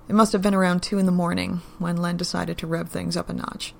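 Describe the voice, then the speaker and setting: A woman narrating a story in a steady, unhurried audiobook-style reading. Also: lowish voice, vocal fry, a little hiss or hum.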